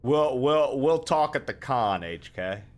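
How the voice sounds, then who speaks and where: A man's voice: medium pitch, expressive, slow. A man streaming a horror game, chatting casually with viewers, rambling and swearing freely. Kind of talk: casual gaming stream chat.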